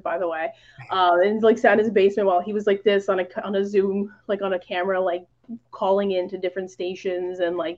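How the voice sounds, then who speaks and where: A woman's voice: mid-range voice, a little mellow, highs cut off. A woman guest on a podcast, telling stories in casual chat, full of "like" fillers and acted-out quotes. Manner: chatty, many "like" fillers, acts out quoted lines.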